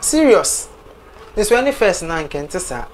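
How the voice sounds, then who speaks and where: A Ghanaian woman, a guest musician in a casual interview, talking in an animated, rambling way with quick restarts. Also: on the low side, a little hiss or hum.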